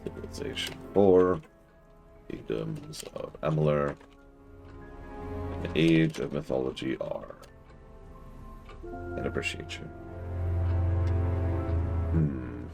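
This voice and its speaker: A man's voice: extremely low pitch, expressive, slow pace, gravelly, long pauses, over music. A man streaming a game, chatting casually as he thinks aloud and answers his chat. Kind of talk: casual gameplay commentary.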